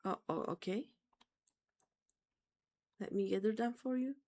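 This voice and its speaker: A woman's voice: mid-range voice, unhurried, dark tone. A woman streaming a game, chatting playfully and humming along. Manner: humming and chuckling along while playing. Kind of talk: playful live-stream commentary.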